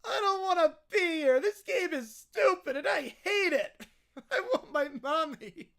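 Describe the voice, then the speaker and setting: A man's voice: extremely high pitch, animated, measured pace, creaky, bright, forceful tone, exaggerated voice. A man voicing a whiny, bratty little boy cartoon bear who sobs and complains. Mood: whining, crying. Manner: whining, sobbing complaints.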